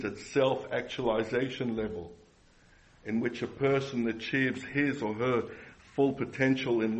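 A man's voice: mid-range voice, lo-fi sound. A man preaching a sermon earnestly, repeating phrases and asking the congregation rhetorical questions.

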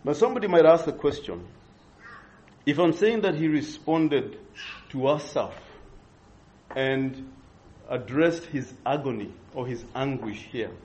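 A man's voice: medium pitch, animated, darkish tone. Earnest preacher man, dull lo-fi sound. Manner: earnest, measured, with pauses and restarts. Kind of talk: expository sermon. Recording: dull lo-fi recording.

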